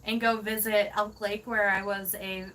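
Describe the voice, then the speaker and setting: Bright-voiced gushing woman vlogger. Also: medium pitch, normal speed, low-quality recording. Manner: gushing, excitable, laughs often. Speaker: van-life livestream host. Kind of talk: casual livestream chat reading comments.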